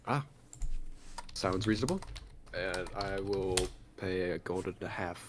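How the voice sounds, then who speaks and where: A man's voice: sits low, unhurried, noisy background. A man playing his character in a tabletop game, switching casually in and out of character. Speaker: player. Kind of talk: tabletop role-play.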